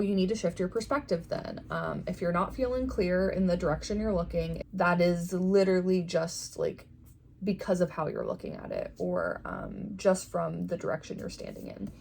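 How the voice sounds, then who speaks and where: A young woman with a lowish voice chatting casually on camera, full of "um"s and "like"s and quick to laugh. There is a faint hiss of noise behind her. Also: gravelly, darkish tone. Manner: chatty, laughs often, many fillers. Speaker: tarot shop owner and vlogger. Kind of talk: casual chat.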